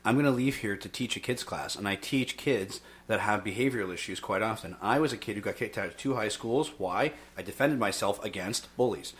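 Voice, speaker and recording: A man hosting a podcast and making his case in an emphatic, energetic way, often pausing on "okay". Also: on the low side. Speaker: podcast host and youth fitness instructor. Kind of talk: casual debate chat.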